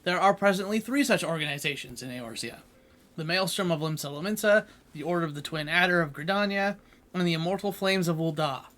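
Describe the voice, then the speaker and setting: A composed noble advisor explaining matters in formal, archaic phrasing, read by a man in his own voice. The voice is high and bright for a man, steady and measured. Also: close to an everyday voice. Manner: plain formal reading of archaic dialogue.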